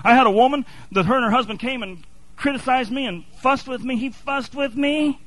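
A man's voice: very high-pitched, fairly quick, fairly bright tone, poor audio. A man preaching a sermon, impassioned and building to fervent repetition.

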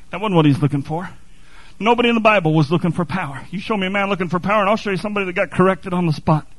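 High-voiced male preacher, dry close mic, impassioned sermon delivery. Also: no room sound, rough recording. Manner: impassioned, building to fervent repetition.

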